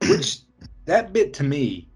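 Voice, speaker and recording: A man co-hosting a podcast, giving relaxed, wry opinions about a movie over beer. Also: on the high side, slow pace, breathy edge, faint music behind. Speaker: podcast co-host.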